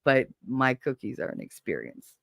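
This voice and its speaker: A man's voice: medium pitch, normal speed, creaky, no echo, studio quality. A man hosting a casual live stream, talking bluntly and animatedly with plenty of swearing. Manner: blunt, profane, animated storyteller. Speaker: livestream host. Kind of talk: casual chat to a live audience.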